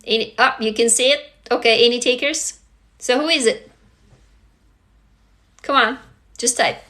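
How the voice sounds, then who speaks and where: A woman with a high, sharply bright voice hosts a casual live self-help talk from her phone. She coaches her viewers by firing questions at them and swears freely along the way. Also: unhurried. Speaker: live-stream host.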